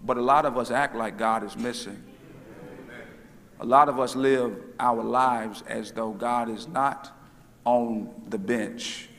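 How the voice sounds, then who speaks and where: Booming preacher in a reverberant church. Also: male voice, fairly even intonation, slow. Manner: call-and-response preaching, swings from booming to hushed. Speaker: minister. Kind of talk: sermon. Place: church sanctuary. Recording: church hall with long reverb.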